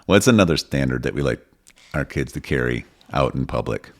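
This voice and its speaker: Middle-aged male co-host, very deep voice, lively, playful teasing. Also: brisk. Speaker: podcast co-host. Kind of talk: casual chat.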